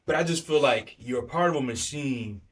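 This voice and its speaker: A man co-hosting a casual podcast discussion, animated and opinionated, talking in long runs. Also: medium pitch, brisk. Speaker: podcast co-host.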